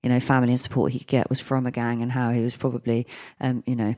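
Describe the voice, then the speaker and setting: A man's voice: mid-range voice, monotone, quick pace, warm tone. A man in casual podcast chat, thoughtful and hesitant, filling gaps with many ums.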